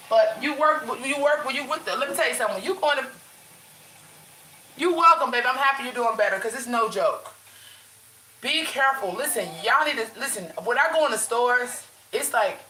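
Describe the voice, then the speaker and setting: A woman with a bright, fairly high voice chats loosely with her viewers from her bedroom, stopping and restarting her sentences. Her nose is running. The room sounds echoey, with a faint hiss underneath. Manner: chatty, addresses viewers as y'all, lots of restarts. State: runny nose. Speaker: vlogger. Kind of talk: casual livestream chat.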